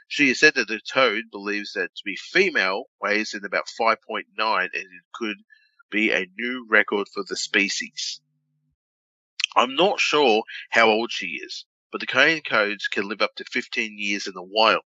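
An Australian man with a lowish, very bright, forceful voice, talking loosely and with some swearing as he co-hosts a podcast. The recording is dry and a bit dull, like a lo-fi home setup. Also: measured pace, no echo. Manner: loose and profane, restarts often. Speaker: podcast co-host. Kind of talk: casual chat, reading a news story aloud.

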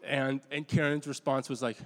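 A man's voice: mid-range voice, little pitch movement, fairly bright tone, a little hiss or hum. Man preaching in a reverberant hall. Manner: conversational storytelling, halting restarts, self-deprecating. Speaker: pastor. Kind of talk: sermon.

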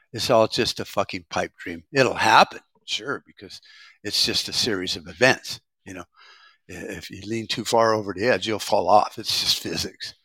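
A man's voice: lowish voice, a bit bright, no room sound. An American man giving a rambling, profane monologue as a prepper vlogger, with frequent restarts.

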